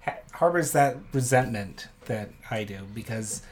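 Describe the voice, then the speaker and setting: A man's voice: medium pitch, expressive, a little slow. A man co-hosting a casual podcast, musing aloud with hesitant, rambling phrasing. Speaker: podcast co-host.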